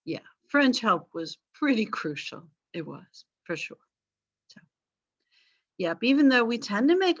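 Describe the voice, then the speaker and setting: A woman's voice: a little high, a bit bright. A woman teaching a history class online, casual and apologetic, with many fillers. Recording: slightly dull lo-fi call audio.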